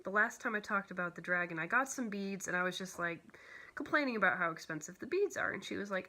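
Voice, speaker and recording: A woman's voice: medium pitch, lively intonation, fast talker, bright, forceful tone. A woman vlogging about cross-stitch gifts, chatting casually and gushing with lots of "like" and "you know", at home before a camera. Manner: emotional, near tears at times. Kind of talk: casual show-and-tell chat.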